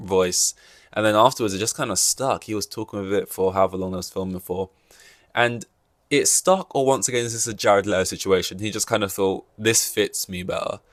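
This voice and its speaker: A man's voice: low-pitched, no echo. A man hosting a solo podcast, rambling and joking through casual chat with many fillers and restarts. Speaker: podcast host.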